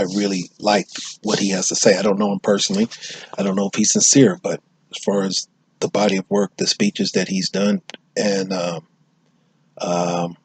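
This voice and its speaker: An American man offers unscripted commentary on social issues, speaking emphatically and frequently restarting and repeating phrases. His voice sits low, and there's a slight hiss or hum.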